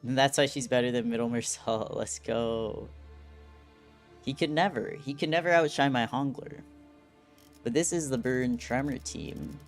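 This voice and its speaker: A man streams a video game and chats casually as he plays. He talks slowly and wanders from thought to thought, often laughing at himself. Faint game music sits underneath. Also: medium pitch, creaky. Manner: rambling, self-deprecating, laughs at himself. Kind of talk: casual gameplay commentary.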